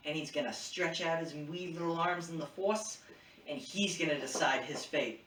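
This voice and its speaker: A breezy woman Jedi with an overdone Boston accent, as a man puts her on. She rattles off her lines quickly. The recording sounds echoey and distant, with faint background hum. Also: a little high, a bit bright, voice pushed up, lightly acted. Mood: reassuring. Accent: Boston, put on badly. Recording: roomy echo, mic far off.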